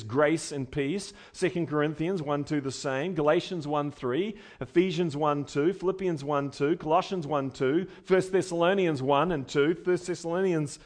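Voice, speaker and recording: A male pastor preaching a sermon in a conversational way, building to emphatic points and then dropping quiet. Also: fairly high pitch.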